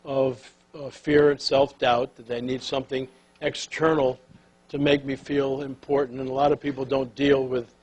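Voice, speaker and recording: An older man giving a talk on leadership, telling a story in a folksy, animated way and sinking to a soft, hushed voice at the tender moments. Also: mid-range voice, normal speed, husky, rough recording. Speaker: speaker on leadership.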